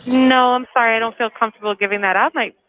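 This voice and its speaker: A woman answers a restaurant call in a bright, crisp voice, talking fast. She stays polite but hesitant and uses many fillers. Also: on the high side, fairly even intonation, rough recording. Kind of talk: polite customer service on the phone.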